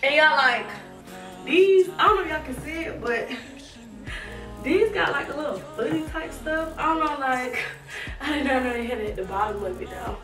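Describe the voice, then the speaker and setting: Laughing and breathless, a young woman fashion vlogger talks casually to viewers while trying on a haul. She speaks at a moderate pace in a high, expressive voice, recorded far from the mic in an echoey room with faint music behind.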